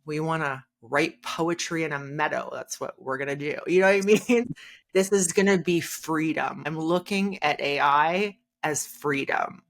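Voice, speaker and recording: A woman hosting an interview, enthusiastic and effusive, talking in quick bursts. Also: deep voice. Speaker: interview host. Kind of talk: casual interview talk.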